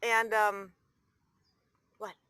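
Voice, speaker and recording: A woman's voice: medium pitch, level tone, drawn-out words, sharp tone, smooth, no echo. A woman filming on her phone outdoors, chatting in doting baby talk to her pet goose and to her viewers. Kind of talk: casual chat. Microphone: handheld phone.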